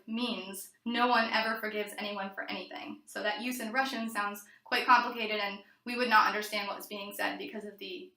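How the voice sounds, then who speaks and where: A woman's voice: mid-range voice, steady tone, a little fast, few pauses, sharp tone. Woman reading a class presentation, echoey. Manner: reads from notes, occasional fillers and restarts. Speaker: student presenter. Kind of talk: read-aloud class presentation.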